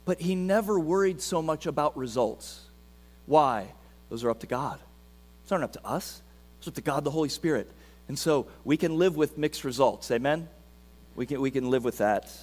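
A man preaching a sermon as pastor, asking rhetorical questions and moving between hushed and emphatic delivery. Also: a little high. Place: church sanctuary. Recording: reverberant church hall.

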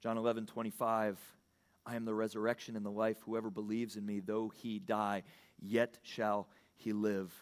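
A man preaching a sermon as pastor, earnest and halting, often restarting his sentences. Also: fairly low pitch, little pitch movement.

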